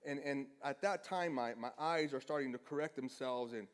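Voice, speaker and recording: A man's voice: mid-range voice, normal speed. A man preaching a sermon in a casual storytelling way, self-deprecating and acting out the dialogue. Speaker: pastor.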